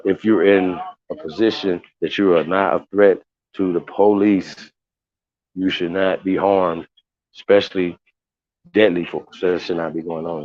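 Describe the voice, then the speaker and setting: A man's voice: deep voice, a little mellow, no room sound. A man hosting a casual livestream, talking to viewers in a heated, profane, rambling way with many restarts. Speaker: livestream host. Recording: dull lo-fi sound.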